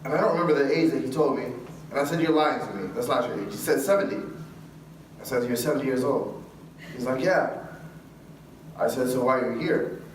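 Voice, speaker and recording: A man speaking to a live audience, telling a story with lively acted-out dialogue and frequent laughs. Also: medium pitch, fairly quick. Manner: animated, acts out dialogue, laughs often. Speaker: guest speaker. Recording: echoey hall from far off with room noise.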